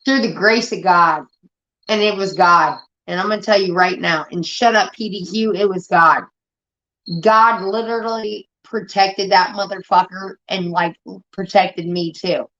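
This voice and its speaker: Here an Indiana woman running a livestream vents with heat and plenty of cursing in loose conversation. Her voice sits in the middle range, slightly bright, and she keeps a measured pace, all captured in dull, lo-fi stream sound.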